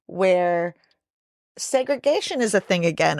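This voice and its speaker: A woman's voice: on the low side, normal speed, darkish tone, dry recording, studio quality. A woman co-hosting a podcast, chatting casually about a book and thinking aloud with lots of "like"s. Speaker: podcast co-host. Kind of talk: casual book-discussion chat.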